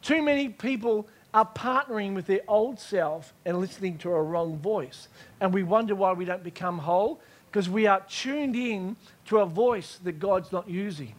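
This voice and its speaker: A man's voice: high-pitched, lively intonation, normal speed. A man preaching a sermon with emphasis, repeating key phrases and asking his listeners whether they heard him.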